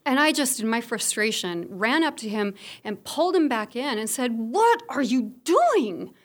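A woman in her thirties shares a personal story with an audience in a frank, candid way. Her voice sits a little high, and her humor is self-deprecating as she talks plainly about her struggles. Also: lively intonation, normal speed, fairly bright tone. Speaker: speaker sharing a personal story.

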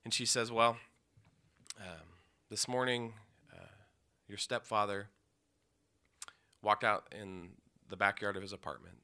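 A man from the Pacific Northwest telling an emotional personal story, intense, with pauses and restarts. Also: fairly low pitch, steady tone, bright, forceful tone, smooth. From Yakima, Washington, USA.

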